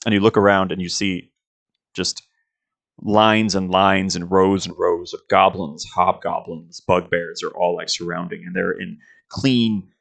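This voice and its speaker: A man with a deep, gravelly voice narrates a tabletop game as its game master. He describes each scene loosely, leaning on fillers and restarts as he goes. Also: steady tone, a little slow, a bit bright. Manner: rambling, filler-heavy description.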